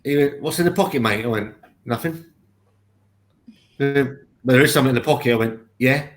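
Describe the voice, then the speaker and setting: A man's voice: mid-range voice, normal speed. Sweary man telling a rambling story. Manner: rambling, sweary anecdote with restarts. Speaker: co-host. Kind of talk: casual storytelling chat.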